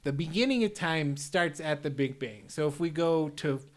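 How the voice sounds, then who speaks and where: A man's voice: a little high, normal speed, natural voice. A man voicing a male hero who can undo things, with a Chicago accent and a rambling, thinking-aloud manner. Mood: musing.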